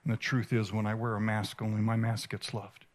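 A man giving a sermon at a conference, telling an emotional story with halting, repeated starts. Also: lowish voice, monotone. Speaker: conference speaker. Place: conference stage.

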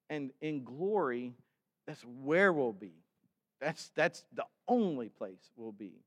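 A man preaching a sermon in a conversational way, with sudden bursts of loud emphasis. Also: medium pitch, expressive, slow. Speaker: pastor. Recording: long hall reverb.

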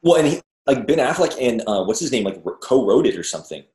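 A man co-hosting a podcast, telling stories in an animated, filler-filled casual way. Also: mid-range voice, quick pace. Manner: animated storyteller, frequent fillers. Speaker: podcast co-host. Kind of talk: casual chat. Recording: roomy echo.

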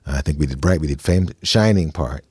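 A man hosting a podcast, asking his guest questions in a measured, reflective way. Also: very deep voice, a little mellow, husky, dry recording, clean studio sound. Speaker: podcast host. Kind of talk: interview questions. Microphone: remote call.

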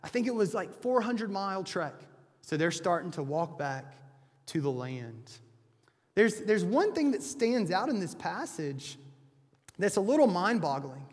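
A man's voice: high-pitched, very animated, unhurried, husky, in a large hall. A man preaching a sermon, retelling a scripture story in a conversational way with frequent restarts.

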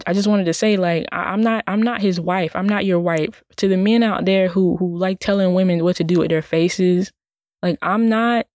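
A woman's voice: lowish voice, a little mellow, dry recording. Indignant woman with a dry, close sound. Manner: indignant, rambling, many "like" fillers and restarts. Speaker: vlogger. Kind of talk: casual personal monologue.

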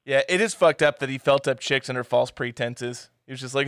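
A man's voice: a little fast, hardly any pauses, smooth, dry recording, studio quality. A man co-hosting a podcast, chatting casually about a movie and swearing as he does mocking character voices. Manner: animated, swearing, mimics film characters in high shouts. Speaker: podcast co-host. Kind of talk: casual movie-review chat.

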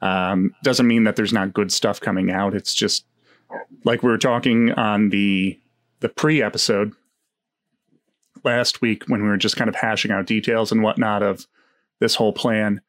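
A man's voice: lowish voice, steady tone, a little slow. A man hosting a casual movie chat, rambling along with many fillers and restarts. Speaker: podcast host.

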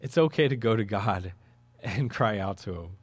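A man's voice: lowish voice, expressive, normal speed, slightly rough, no room sound. A man preaching a sermon as pastor of a church, talking in a conversational, earnest way that now and then rises into emphatic bursts.

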